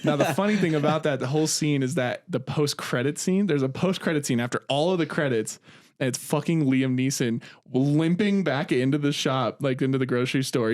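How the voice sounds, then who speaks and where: A man's voice: medium pitch, dry recording, studio quality. A young man co-hosting a podcast in casual chat, swearing freely and telling stories with energy. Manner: swears freely, animated storyteller. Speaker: podcast co-host.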